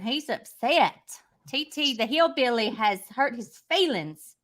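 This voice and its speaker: A woman's voice: a little high, animated, unhurried, fairly bright tone. A woman guest on a call, mocking and taunting with lots of swearing. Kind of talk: heated casual chat.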